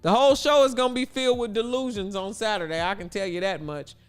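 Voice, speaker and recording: A man hosting a casual sports talk livestream, chatty and blunt with animated asides. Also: sits high, fast, clear, resonant tone, faint music behind. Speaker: livestream host.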